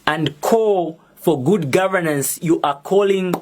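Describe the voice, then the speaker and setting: This young adult activist from Zambia, with a Zambian accent, gives a prepared public statement in a slow, deliberate, defiant manner. His voice sits high with a darkish tone.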